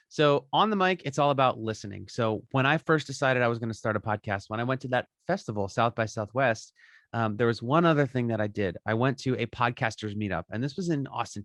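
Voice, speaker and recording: A man's voice: mid-range voice, fast talker, fairly bright tone, no room sound. Upbeat chatty man giving podcast advice. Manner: upbeat, chatty, tags points with "right?". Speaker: podcaster guest. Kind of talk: casual interview advice.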